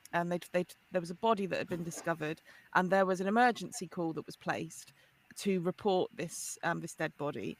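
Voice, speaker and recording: Lively woman telling a story. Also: lowish voice, gravelly. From United Kingdom. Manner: lively, laughs often, many restarts. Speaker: guest expert, forensic linguist. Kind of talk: storytelling in a podcast interview.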